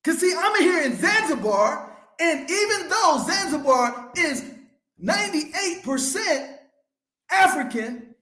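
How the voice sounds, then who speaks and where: A fired-up male money coach shouts a fiery, profanity-laced motivational rant in a preacher's rhythm. His voice sits very high, and the recording echoes around the room. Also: animated, a little slow. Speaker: financial coach, show host.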